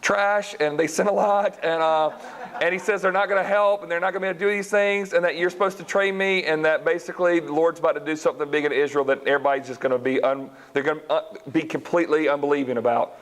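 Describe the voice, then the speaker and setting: A man's voice: on the high side, steady tone, fast, a bit bright, long reverb tail, natural voice. A man voicing an earnest young boy who rambles hesitantly, in a raised voice.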